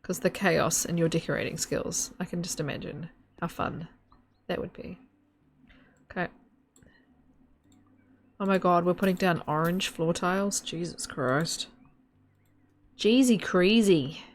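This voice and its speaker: A woman chats her way through a live game stream, rambling and giggling as she goes. Her voice sits low with a gravelly fry, and the talk is loose and off-the-cuff, aimed at her viewers. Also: steady tone, measured pace, long pauses, slight background noise. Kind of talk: casual live-stream chat while gaming.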